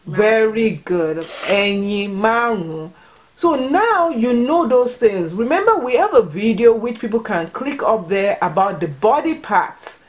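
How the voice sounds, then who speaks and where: A woman's voice: a little high, animated, unhurried. Encouraging woman teaching children at home. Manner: encouraging and patient, repeats and prompts words. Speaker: vlogger teaching Yoruba to children. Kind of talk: home language lesson.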